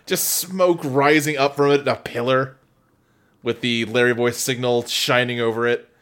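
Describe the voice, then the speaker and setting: A man's voice: medium pitch, steady tone, measured pace, fairly bright tone, smooth. A man co-hosting a casual comedy podcast, recounting a cartoon's plot with jokes and frequent laughs. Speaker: podcast co-host. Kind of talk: casual comedic recap chat.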